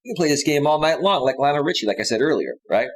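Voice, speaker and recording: A man hosting a live stream, laughing a lot as he reads chat and loudly thanks donors. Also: on the high side, lively intonation. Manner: slow, drawn-out delivery with loud outbursts.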